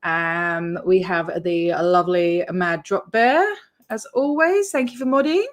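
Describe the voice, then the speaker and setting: A woman's voice: on the low side, a little slow. An Australian woman hosting her own livestream, chatting casually and rambling as she greets her viewers by name. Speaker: YouTube channel host.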